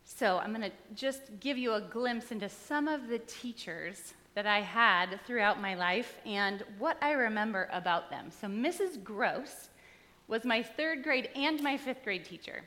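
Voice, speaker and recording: Delivering a sermon in a church sanctuary, a woman pastor speaks at a measured pace in a fairly high, animated, bright and forceful voice. The long reverb of the big hall surrounds her easygoing personal stories, which carry touches of humor.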